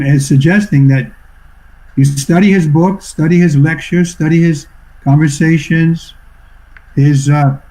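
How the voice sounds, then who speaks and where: An older man from New York, a swami giving a devotional talk over a video call, telling stories reflectively and clearing his throat often. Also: fairly high pitch, dark tone, poor audio. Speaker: swami teacher. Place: online video session.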